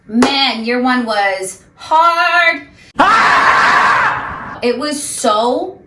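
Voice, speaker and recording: Speaking very slowly straight to the camera, a woman vlogs about her sobriety in an emphatic, ranting motivational talk, calling her viewers "guys" and "honey." Her voice is high-pitched and expressive. She's a bit off-mic in an echoey room, far from the microphone, with heavy background noise.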